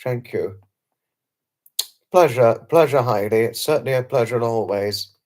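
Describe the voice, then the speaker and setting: A man's voice: mid-range voice, a little slow, darkish tone. A man hosting a casual live stream, reading out viewer comments and answering them in a chatty, polite way, repeating his thanks and greetings. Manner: chatty, repeats phrases, lots of thanks and hellos to viewers, chuckles often; polite, slightly formal wording with restarts. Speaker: livestream host.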